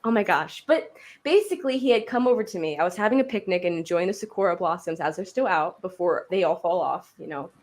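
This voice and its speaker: A young adult woman telling a funny story in casual chat, lively and laughing, acting out the other people in her story. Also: lowish voice, fast. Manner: animated, laughing, acts out quoted voices.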